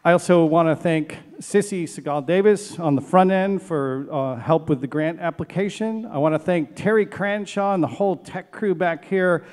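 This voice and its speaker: A man's voice: on the high side, normal speed, hardly any pauses, in a large hall. Emotional man thanking a concert crowd. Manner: emotional, warm thanks, chokes up. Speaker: steel band director hosting a concert. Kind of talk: thank-you speech to a live audience. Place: outdoor theater stage.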